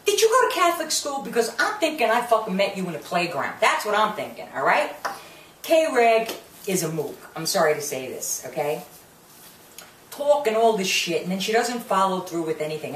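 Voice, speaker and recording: A woman's voice: mid-range voice, sing-song, moderate pace, fairly bright tone, distant mic, slight background noise. A woman ranting through a profane review of a reality show, cursing and throwing in swears. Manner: brash, swearing, drops Italian curses, mocks cast members. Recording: echoey room, voice a bit off-mic, faint ambience.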